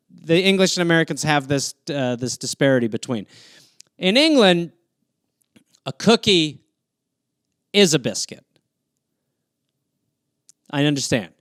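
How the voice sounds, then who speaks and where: Man, high voice, smooth and clear, dry close sound, playful improvised comedy riffing. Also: a bit bright, no echo. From Wisconsin, US. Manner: playful, jumps into silly character voices. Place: home, livestream. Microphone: phone or webcam.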